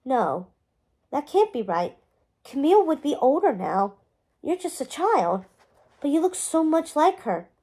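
A woman's voice: sits high, sing-song, unhurried, pauses often, dark tone. A woman voicing an old bearded male wizard in a storybook read-aloud, gushing and sputtering. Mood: disbelieving.

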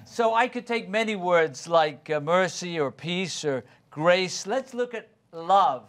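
A man with a notably high voice leads a Bible study as pastor. He explains each verse carefully, calls on people by name to read, and repeats key words to drive them home. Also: expressive, slow pace, fairly bright tone. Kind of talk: interactive Bible study teaching.

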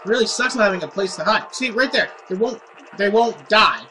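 A player giving casual commentary while playing a shooting game, muttering at setbacks and bursting into triumphant shouts. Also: medium pitch, expressive, fairly quick, low-quality recording.

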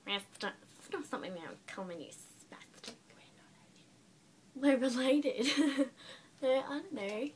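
A woman's voice: mid-range voice, lively intonation, normal speed, long pauses, a little hiss or hum. An Australian woman hosting a casual vlog chat with her brother, teasing and giggly in a blunt way. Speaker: vlogger host.

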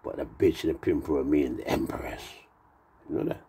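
A man's voice: rumbling low, normal speed, warm tone, a little hiss or hum. A man who has been drinking, rambling through a profane, meandering monologue full of wordplay. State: tipsy from drinking.

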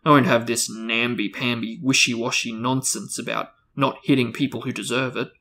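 A man reading aloud and putting on the voice of a loud, domineering middle-aged aunt with a booming, barking delivery. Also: little pitch movement, moderate pace, gravelly. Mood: booming, scolding.

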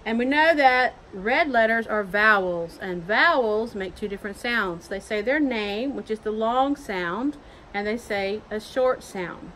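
A woman teacher giving a phonics lesson to young children from home, slowly sounding out letters in a sing-song way. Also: a little high, sharp tone, a little hiss or hum. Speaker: elementary school teacher.

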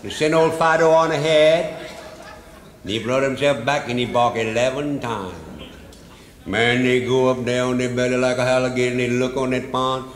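Folksy storyteller on a live stage. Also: male voice, mid-range voice, fairly even intonation, normal speed, roomy sound, in a large hall. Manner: folksy dialect, drawls out punchlines. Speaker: humorist storyteller.

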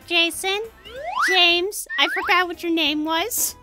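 A woman's voice: very high-pitched, fairly even intonation, takes it slowly, loud music behind the voice. A young woman, a fan voice actor, playfully laughing at her own slips during recording outtakes. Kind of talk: casual outtake chatter.

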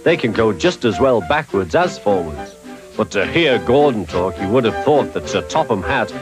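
A low-pitched man telling a children's story in a gentle, measured way, his voice rising and falling a lot. Music plays behind him. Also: sing-song. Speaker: storyteller host. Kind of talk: scripted storybook narration. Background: background music.

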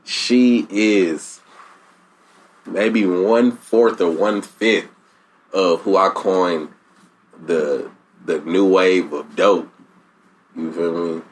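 A man's voice: deep voice, drawn-out words, pauses often, slight background noise. A man with a Bay Area accent hosting a casual podcast, slangy and laughing often. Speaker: podcast host.

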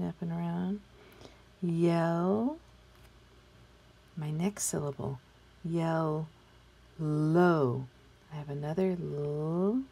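A woman's voice: lowish voice, creaky, dark tone, husky. A woman teaching a spelling lesson to young children, patiently sounding out words and asking the class questions, sometimes dropping into a whisper. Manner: sometimes drops into whispers while writing.

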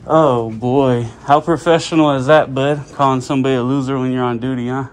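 A man's voice: medium pitch, fairly even intonation, brisk. A man filming inside a public office, arguing with staff and repeating his questions. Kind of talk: confrontational auditor video.

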